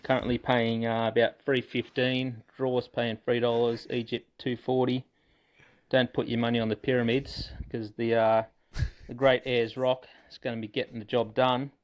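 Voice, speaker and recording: Flat-voiced man ribbing the hosts. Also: medium pitch, normal speed. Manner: jokey ribbing. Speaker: listener sending a voice message. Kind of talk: recorded voice message.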